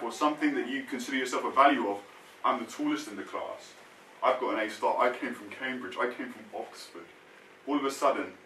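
Bright-voiced preacher in a roomy hall. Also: male voice, medium pitch, recorded from a distance, a little hiss or hum. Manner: lively storytelling with casual slang. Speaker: pastor. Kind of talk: sermon. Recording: roomy sound, mic set back from speaker.

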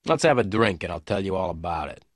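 A man reading an audiobook as a hard-boiled male private detective who speaks quietly and levelly. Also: low-pitched, animated, fast, no echo, clean studio sound. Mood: calm.

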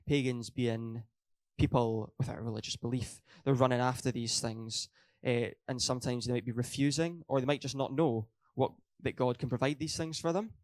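A man's voice: mid-range voice, fairly even intonation, moderate pace, hardly any pauses, a little mellow. A young man preaching a sermon in a church hall, earnest, hammering his points home by repeating them and correcting his own slips.

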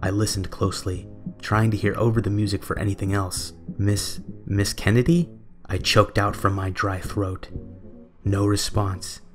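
A young adult man reading a scripted horror story in a measured, steady way. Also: lowish voice, faint music behind. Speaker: narrator.

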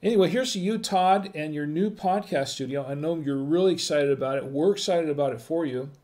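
A man's voice: on the high side, fairly quick, a little mellow. A middle-aged man hosting a casual live-stream wine tasting, chatting with viewers in the chat and greeting them by name.

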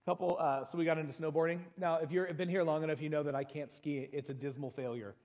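A middle-aged man preaching a sermon as pastor, talking in a conversational, joking way with personal stories and reading scripture slowly with emphasis. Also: a little high, fairly even intonation, darkish tone. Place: church sanctuary. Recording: long church hall reverb.

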